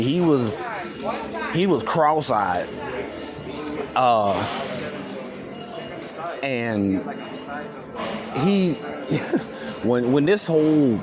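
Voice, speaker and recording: A man telling a rambling story on his vlog, laughing and mimicking others. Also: medium pitch. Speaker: vlogger. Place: store, walking around.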